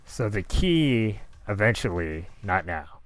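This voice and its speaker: A man's voice: on the low side, very animated, takes it slowly, dry recording. A man chatting casually and rambling while he paints live, now and then cooing at his cat. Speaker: digital artist streaming.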